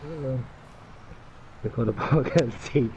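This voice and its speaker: A man's voice: mid-range voice, noisy background. A man joining a game stream as co-player, cracking jokes and laughing often. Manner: joking, quick to laugh. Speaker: co-player guest. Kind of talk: casual chat while streaming a game.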